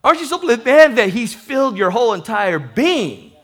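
A male pastor preaching with lots of energy, voice pitched very high and bright. He calls out hallelujah between his lines and laughs as he preaches. The delivery is animated and lively. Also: normal speed. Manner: animated, exclaims hallelujah and man often, laughs while preaching. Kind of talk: lively sermon.

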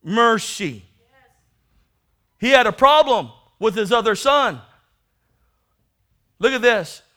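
Male preacher, high and bright, sermon that swings between hushed and shouted delivery. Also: animated, a little slow. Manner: swings from hushed to shouting, acts out Bible voices.

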